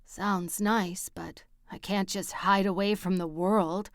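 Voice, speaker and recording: A woman's voice: medium pitch, steady tone, takes it slowly, dry recording, studio quality. A woman voicing a young man who protests in pain and then speaks resolutely, in an audiobook. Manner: pained, protesting outbursts.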